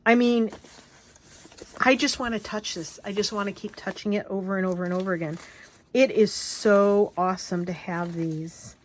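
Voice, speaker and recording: A woman vlogger showing off craft papers and fabrics in a gushing, excitable, casual chat, often trailing off and restarting. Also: mid-range voice, moderate pace, slight background noise. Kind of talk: casual show-and-tell chat.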